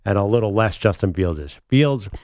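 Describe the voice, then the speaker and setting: A man co-hosting a sports talk show, arguing his picks confidently and pushing back quickly. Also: on the low side, lively intonation, darkish tone, no echo, studio quality. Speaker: sports radio co-host. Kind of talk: casual sports debate.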